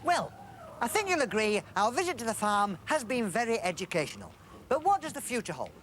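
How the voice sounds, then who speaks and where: A man's voice: very high voice, big pitch swings, a little fast, fairly bright tone, slight background noise. Man playing the patient explaining straight man. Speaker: comedy presenter. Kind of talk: comic double-act patter.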